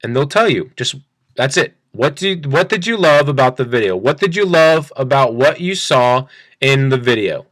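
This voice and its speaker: A man teaching a sales pitch in an upbeat, repetitive way, acting out both sides of a phone call. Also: lively intonation, normal speed, fairly bright tone, dry recording. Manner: upbeat, repeats phrases, acts out phone dialogue. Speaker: sales coach. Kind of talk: screen-share training talk.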